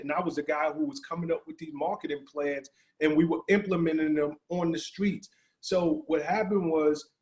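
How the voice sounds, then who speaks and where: Animated middle-aged man telling a story. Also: a little high. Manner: animated, acts out quoted dialogue. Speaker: podcast guest. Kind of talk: storytelling in a casual interview.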